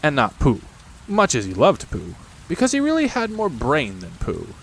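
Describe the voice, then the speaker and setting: A man reading a children's bedtime story aloud as the narrator, in a gentle, expressive manner. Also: medium pitch, moderate pace, gravelly, a little hiss or hum, poor audio. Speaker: audiobook narrator. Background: rain sounds.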